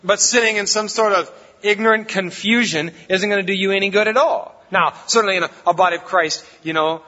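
A man's voice: sits high, brisk, pushed and bright. A man preaching a sermon as pastor, in a conversational, folksy way, recorded in a church hall. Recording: reverberant hall, dull lo-fi sound.

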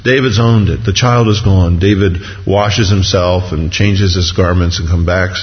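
Low-voiced male preacher in a reverberant hall. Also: fairly even intonation, unhurried. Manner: reads scripture then expounds, acting out voices with rising pitch. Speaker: pastor. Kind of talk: sermon. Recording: dull, lo-fi sound with long hall reverb.

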